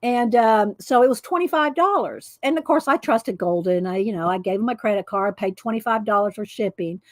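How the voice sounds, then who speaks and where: A woman's voice: mid-range voice, expressive, a little fast, no room sound. A woman hosting an art livestream, chatting casually and rambling as she thanks viewers by name. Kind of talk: casual chat.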